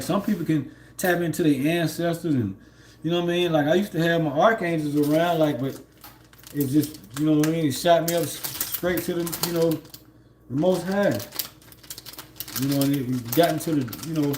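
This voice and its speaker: A man's voice: a little high, normal speed, a little mellow, a little hiss or hum. A man, livestreaming from home, rambling in a laid-back way with lots of fillers and laughs. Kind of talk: casual spiritual monologue.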